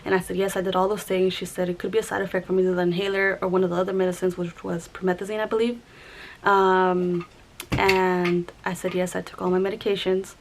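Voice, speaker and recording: A young woman vlogger telling a personal story to camera in a halting, conversational way, with many restarts and fillers. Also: fairly low pitch, flat delivery, slight background noise, rough recording.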